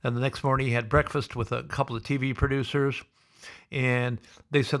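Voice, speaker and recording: A man hosting a podcast, telling an anecdote with energy and putting on the voices of the people in it. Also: brisk. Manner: acts out the people he quotes with lively pitch jumps. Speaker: podcast host. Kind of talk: animated anecdote storytelling.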